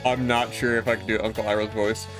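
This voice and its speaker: A man's voice: fairly low pitch, little pitch movement, fast, music in the background. A man streaming himself reading a visual novel aloud, chatty, swearing casually and reacting to the story.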